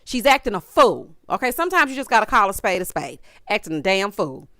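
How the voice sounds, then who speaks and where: A woman hosting a casual reality TV recap, talking in an animated, dramatic, sassy way with punchy asides. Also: mid-range voice, fairly quick, no echo, clean studio sound.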